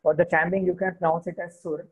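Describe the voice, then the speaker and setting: Husky man teaching beginner vocabulary. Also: sits high, flat delivery, muffled recording. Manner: slow, repeats each word, switches to Hindi to explain. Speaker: French teacher. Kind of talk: beginner language lesson.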